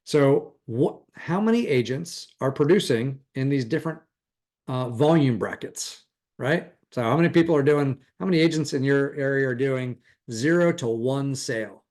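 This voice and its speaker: A middle-aged man teaching a real estate recruiting class in a casual, animated way, often playing out conversations. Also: mid-range voice, moderate pace. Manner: animated, acts out quoted conversations, chuckles often.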